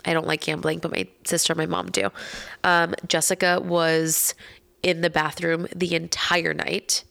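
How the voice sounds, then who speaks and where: A woman telling a story in casual podcast chat. She is animated, laughs often and acts out the voices of people she quotes. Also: fairly low pitch, normal speed, gravelly.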